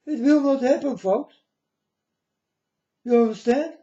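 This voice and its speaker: A man's voice: extremely high pitch, a little slow, mellow. A man giving a preachy, lecturing monologue to his viewers, often turning to them as "folks" and asking if they understand. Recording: echoey room, dull lo-fi sound.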